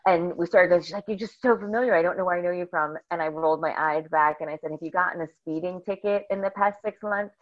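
A middle-aged woman from northern New Jersey, a bubbly, animated guest telling stories in a casual interview. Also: fairly low pitch, quick pace, hardly any pauses. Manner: bubbly, animated storyteller who acts out quotes. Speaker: podcast guest. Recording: slightly dull lo-fi audio.

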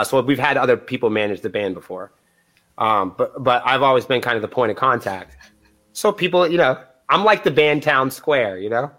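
A man's voice: medium pitch, fairly bright tone. A man, a band's point of contact guesting on a podcast, telling rambling, profane stories in casual chat and acting out what people said. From New Hampshire, USA. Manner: profane, rambling, acts out quoted lines.

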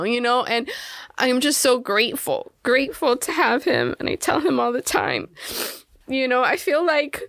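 A woman guest on an interview podcast tells her story in a chatty, casual way, full of "like"s and "um"s. Her voice sits a little on the high side. The sound is dry, with no room echo. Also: sing-song, normal speed, creaky, fairly bright tone. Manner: chatty, frequent "like" and "um", laughs often. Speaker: podcast guest, filmmaker, singer and actor. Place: lives in South Florida.

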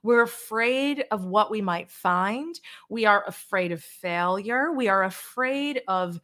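A woman guest on a video-call interview, telling stories in a blunt, animated way with mild swearing. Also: mid-range voice, takes it slowly. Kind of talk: casual interview chat.

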